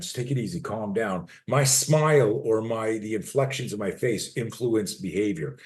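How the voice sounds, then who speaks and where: Man in his sixties, low voice, blunt and emphatic, teaching self-defense in an interview, swears freely, acts out scenarios. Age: 60s. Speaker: personal defense coach. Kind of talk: interview, animated teaching with role-play demos.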